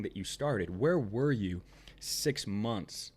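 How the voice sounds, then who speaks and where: A man's voice: on the low side, lively intonation, slow pace, darkish tone, breathy edge. A man, a business owner, talking as a podcast guest in a rambling, emphatic way, full of "you know" fillers. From Ohio, United States. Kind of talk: casual podcast conversation.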